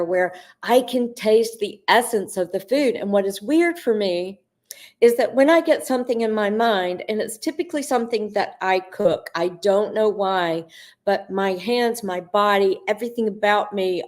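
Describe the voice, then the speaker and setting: A middle-aged woman hosting a live Q&A on spiritual coaching, speaking earnestly and addressing viewers by name, with drawn-out, emphatic phrasing. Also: medium pitch, darkish tone. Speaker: host answering viewer questions.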